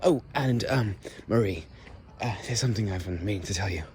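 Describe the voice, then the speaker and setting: A man voicing a fussy, genteel Victorian English gentleman in a put-on posh British accent, with a prim, mannered delivery. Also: fairly low pitch, brisk, noisy background, lightly acted.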